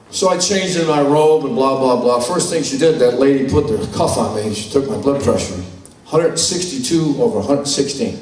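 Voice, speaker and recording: A man's voice: mid-range voice, animated, moderate pace, a little hiss or hum. An older man from New York giving a candid, blunt personal testimony at a conference, telling his story with salty language. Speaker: conference speaker. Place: large conference hall. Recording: echoey hall, mic from far off.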